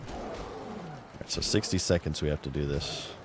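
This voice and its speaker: A man's voice: extremely low pitch, moderate pace, noisy background. A man streaming a game, chatting casually and muttering to himself as he plays. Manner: relaxed, chatty, mutters to himself while playing. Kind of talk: casual gameplay commentary.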